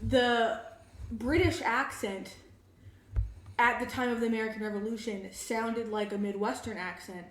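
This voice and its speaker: A young woman co-hosting a casual chat, explaining her ideas in an animated way and often laughing as she talks. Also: fairly high pitch, unhurried, a little hiss or hum. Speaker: co-host. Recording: echoey room.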